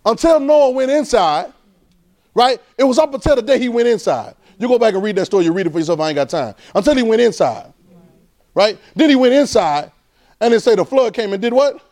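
At a quick pace, a man delivers a sermon as if chatting, putting questions to his listeners and regularly pushing his pitch up with excitement.

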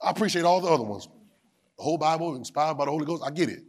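A man a sermon in a call-and-response style. He repeats phrases, asks the room whether they hear him, and climbs to shouts. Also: fairly high pitch, expressive, racing, breathy edge. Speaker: preacher.

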